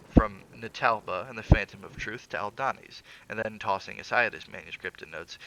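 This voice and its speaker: A man with a low, gravelly voice narrates a classic horror tale in a measured, theatrical manner. His tone is bright and edgy, with occasional slips he corrects himself on. A faint hiss sits under the reading. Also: poor audio. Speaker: streamer reading aloud.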